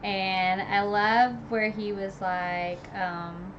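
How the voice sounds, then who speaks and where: A woman's voice: mid-range voice, steady tone, extremely slow, dull audio, a little hiss or hum. A woman recapping a novel in a casual, rambling chat, full of fillers and asides. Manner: rambling and chatty, full of "like" and "you know". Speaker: book reviewer streaming a recap.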